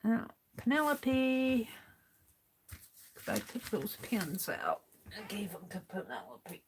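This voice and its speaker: A woman's voice: mid-range voice, sing-song, slow pace, slight background noise. An American woman hosting a craft livestream, chatting casually and muttering to herself as she sorts through supplies.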